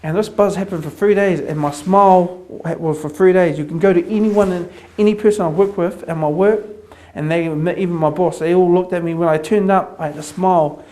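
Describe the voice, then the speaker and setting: Man, new zealand accent, fairly high voice, earnest testimony, repetitive storytelling. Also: brisk, hardly any pauses. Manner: earnest, repetitive, builds into excited retelling. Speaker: convert sharing his testimony.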